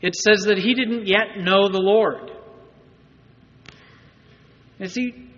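A man's voice: sits high, fairly even intonation, takes it slowly, fairly bright tone, in a large hall, dull audio. A man preaching a sermon as pastor, in a conversational manner that often asks the congregation rhetorical questions.

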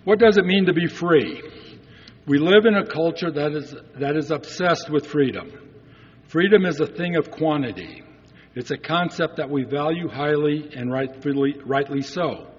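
A man's voice: fairly high pitch, moderate pace, breathy edge. A man preaching a sermon in an earnest way, asking rhetorical questions to the congregation. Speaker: pastor. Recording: dull recording with long church reverb.

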